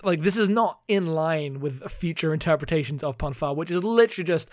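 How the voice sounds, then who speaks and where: A chatty man co-hosting a podcast and casually recapping an episode. His voice is fairly high and sounds close and dry, with lots of uhs and likes. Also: brisk, dry recording. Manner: chatty, animated, full of fillers. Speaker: podcast co-host.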